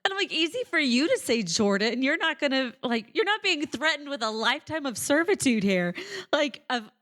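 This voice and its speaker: A woman co-host on a film review podcast, speaking in a slightly high voice. She laughs easily and makes self-deprecating jokes in a loose, casual chat. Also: animated, normal speed, fairly bright tone.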